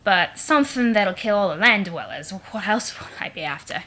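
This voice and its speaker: A woman's voice: medium pitch, lively intonation, normal speed, pushed and bright. A woman doing a brash young male troll with a mangled British accent. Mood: sneering. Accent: mangled British, vaguely Liverpool or Cockney. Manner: swaggering, sneering, heavy swearing. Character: arrogant young male troll prince, brash and foul-mouthed.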